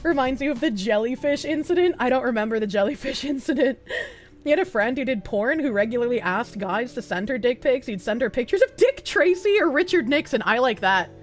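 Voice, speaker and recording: A woman streamer chatting casually and reading chat aloud, giggly and animated, with a slightly rough throat. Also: on the high side, a little fast, soft background music.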